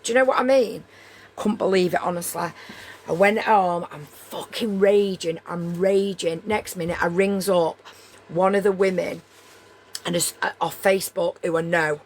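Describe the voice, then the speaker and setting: A woman's voice: lowish voice, fairly even intonation, normal speed. Blunt Northern English woman telling a story. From Leigh, England. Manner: blunt, swears freely, heated. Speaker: streamer. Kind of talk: storytelling chat.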